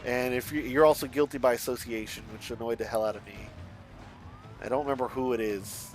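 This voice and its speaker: A man's voice: mid-range voice, fairly even intonation, a little fast. Rambling, swearing young man. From Mexican family. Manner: rambling, swears often, frequent restarts. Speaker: streamer. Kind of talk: casual rambling chat while playing a driving game.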